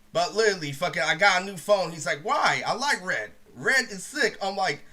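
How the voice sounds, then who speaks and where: A young storyteller vlogger, his voice pushed and bright, rambles through a profane storytime. He keeps saying "literally" and deepens his voice to quote the people in his story.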